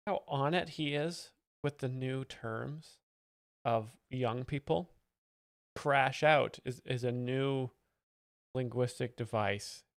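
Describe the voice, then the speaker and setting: A man plays a self-important professor of joke explaining, pausing clips to lecture in deadpan. His voice is gravelly and mid-pitched. The recording is close and dry. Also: no echo. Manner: pompous, self-serious professorial persona. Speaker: comedic joke explainer host. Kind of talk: deadpan mock-expert commentary over clips.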